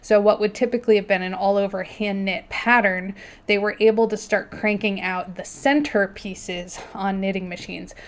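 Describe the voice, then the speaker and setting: A woman's voice: mid-range voice, steady tone, moderate pace. A woman hosting her knitting video at home, chatting casually and laughing often as she shows her work. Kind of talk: casual chat. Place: indoors at home.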